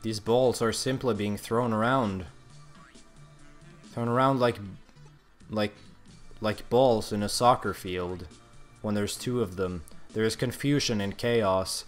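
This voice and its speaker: A young man giving comedic gameplay commentary in a mock-solemn, grandiose deadpan manner. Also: on the low side, slow pace, pauses often, faint music behind.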